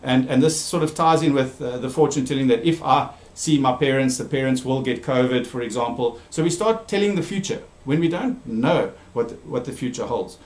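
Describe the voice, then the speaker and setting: A man telling a children's story and giving an online talk, animated and lively. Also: fairly quick, few pauses. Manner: animated, shifting pitch for characters. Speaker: presenter. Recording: echoey room.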